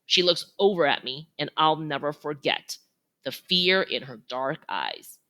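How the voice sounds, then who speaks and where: Bright, animated woman reading a children's book. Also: low voice, measured pace. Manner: expressive, animated. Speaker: reader. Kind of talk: reading a children's novel aloud.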